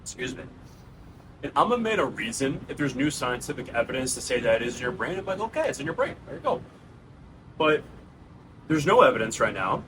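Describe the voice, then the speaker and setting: A man's voice: medium pitch, big pitch swings, a little fast, pauses often, noisy background. A man in his thirties with a New York accent, giving an earnest, casual monologue to his viewers and calling them bro and guys. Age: 30s. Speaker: channel host. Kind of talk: raw personal monologue to camera.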